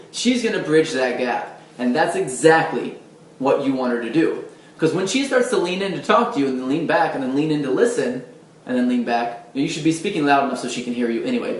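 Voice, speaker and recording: A man's voice: fairly high pitch, reverberant, poor audio. A man giving a casual, demonstrative dating lesson, talking conversationally with fillers and restarts. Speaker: dating coach. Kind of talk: casual instructional talk to camera.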